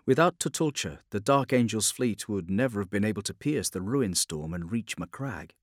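A man narrating a science fiction audiobook in a measured, grave storytelling manner. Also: on the low side, animated, no room sound, studio quality. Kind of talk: scripted dramatic narration.

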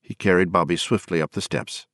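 Male audiobook narrator, very deep voice, measured, steady dramatic reading, dry close recording. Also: no echo. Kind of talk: scripted narration.

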